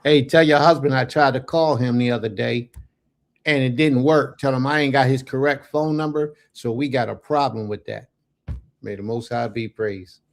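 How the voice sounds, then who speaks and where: A man hosting a religious livestream, animated and folksy, giving blessings and chatting with his viewers. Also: mid-range voice, normal speed, gravelly. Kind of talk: casual livestream chat.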